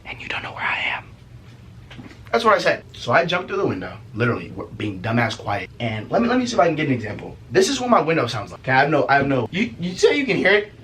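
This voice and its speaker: Animated young man telling a story. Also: mid-range voice, very fast, hardly any pauses, slight background noise. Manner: animated, profane, laughs often. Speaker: vlogger. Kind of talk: casual storytime.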